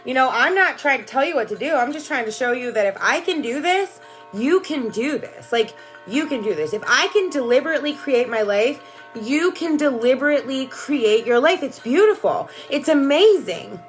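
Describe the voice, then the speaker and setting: A woman's voice: high voice, expressive, normal speed, faint music behind. A woman life coach talking casually and emphatically on a livestream, often asking "right?" and greeting viewers by name. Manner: emphatic, rambling, repeats "right?" and "you know". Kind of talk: casual motivational livestream talk.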